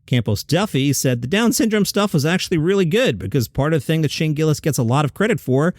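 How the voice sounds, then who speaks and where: A man's voice: fairly high pitch, expressive, quick pace, dry recording, clean studio sound. A man hosting a comedy news podcast, chatty and opinionated, reading listener comments aloud.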